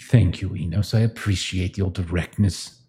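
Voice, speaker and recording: A man running a tabletop game as game master, narrating scenes and voicing characters with a relaxed, chuckling manner. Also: low-pitched, normal speed, a little hiss or hum.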